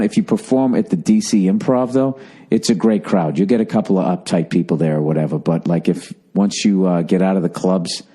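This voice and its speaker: A man hosting a casual solo podcast from his home in the early morning, rambling and profane, keeping his voice hushed so he won't wake the house. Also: low-pitched. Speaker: podcast host.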